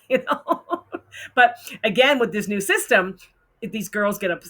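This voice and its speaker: Woman host giving blunt advice, slow and bright-toned, laughs a lot. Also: medium pitch, lively intonation. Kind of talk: casual advice talk reading posts.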